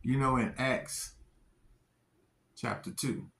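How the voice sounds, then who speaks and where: Brief: earnest man sharing a faith testimony, unhurried pace, leans on key phrases. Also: mid-range voice, steady tone, vocal fry, fairly bright tone. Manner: slow, deliberate, earnest, stresses key phrases. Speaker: testimony speaker. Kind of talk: religious testimony.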